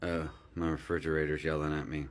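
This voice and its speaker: A man with a bass voice talks fairly quickly and flatly while chatting casually through a home baking vlog, wandering off into little asides. He's indoors in his home baking room, recorded on a phone and sometimes earbuds.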